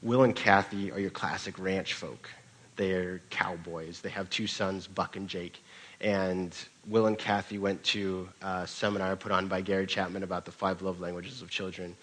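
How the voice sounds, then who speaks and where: A man's voice: sits low, flat delivery, moderate pace, fairly bright tone, poor audio. A man preaching a sermon as pastor, telling a story in a conversational way with occasional restarts.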